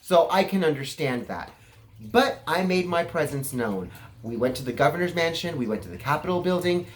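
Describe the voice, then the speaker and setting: A man's voice: fairly high pitch, sing-song, normal speed. A man from California giving a casual, self-assured vlog monologue, chatty and flamboyant in manner. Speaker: political vlogger.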